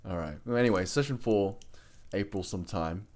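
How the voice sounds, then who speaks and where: A man's voice: lowish voice, a little fast, darkish tone. A man co-hosting a tabletop game podcast, recapping the session in a laid-back way with lots of fillers. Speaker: player, co-host. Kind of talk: casual podcast chat.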